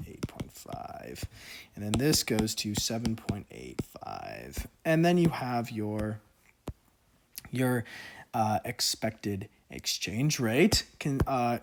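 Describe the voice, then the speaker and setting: A man teaches economics in a loose, conversational way, often stopping to joke and fill gaps with "okay?" and "uh". He talks slowly through each step, now and then catching a hiccup. A faint hiss sits under the recording. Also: medium pitch. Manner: chatty, joking asides, filler-heavy; slow deliberate explaining. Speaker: economics tutor. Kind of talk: casual whiteboard lesson.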